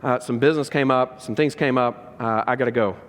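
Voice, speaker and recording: A man's voice: mid-range voice, fairly even intonation, brisk, pitched below the performer's own voice, close to an everyday voice. A man voicing a grown father who hurriedly apologizes for leaving. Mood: apologetic. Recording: long reverb of a large church hall.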